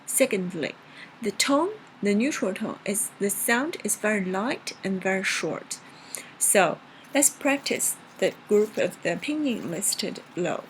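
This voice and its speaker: A woman's voice: lively intonation, slight background noise, poor audio. Patient woman teaching tones. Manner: slow, patient, models tones with exaggerated pitch. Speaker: Chinese language teacher. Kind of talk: video language lesson.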